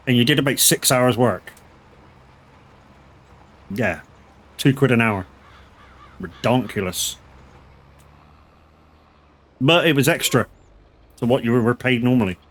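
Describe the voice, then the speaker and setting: A middle-aged man, chatting casually and telling rambling, profanity-laced stories while streaming a farming game. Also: medium pitch. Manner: rambling, swears freely, anecdotal. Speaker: gaming streamer.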